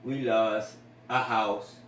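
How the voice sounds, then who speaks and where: A man appearing as a guest with his wife, recounting events in a halting, plain-spoken way. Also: on the low side, fairly even intonation, fairly bright tone, slight background noise. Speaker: guest, husband. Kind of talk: candid talk show conversation. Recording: echoey room, distant mic.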